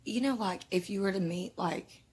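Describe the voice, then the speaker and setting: A woman's voice: medium pitch, moderate pace, darkish tone, husky. A woman vlogging casually to her viewers, nervous and flustered, rambling with lots of fillers. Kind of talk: casual vlog talk to camera.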